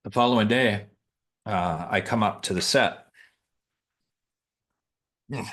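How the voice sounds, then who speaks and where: A middle-aged man who works as a Santa, telling a heartfelt story with pauses, restarts and emotion. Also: on the low side, fairly bright tone. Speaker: professional Santa performer. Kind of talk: heartfelt storytelling in a group chat.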